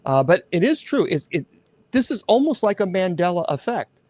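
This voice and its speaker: Male host, casual chat, rambling and animated, slightly high voice, dry close sound. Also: moderate pace, no echo. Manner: rambling, animated, self-correcting.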